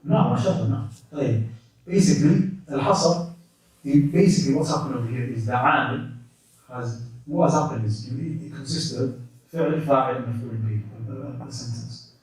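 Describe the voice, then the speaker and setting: A man teaching a lesson in a mosque classroom, explaining terms in a quick, conversational way with many restarts. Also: mid-range voice, a little mellow. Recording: echoey room from a distance.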